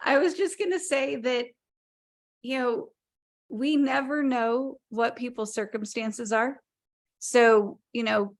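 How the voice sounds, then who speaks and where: Affirming woman host, a bit high. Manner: emphatic, affirming, moved. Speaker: host moderating. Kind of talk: encouraging wrap-up on a video call.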